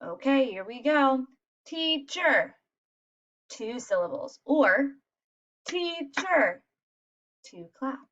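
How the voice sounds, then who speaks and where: A woman's voice: fairly high pitch, animated, a little slow, few pauses. A woman teaching a lesson to young children in an encouraging classroom voice. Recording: dull lo-fi recording.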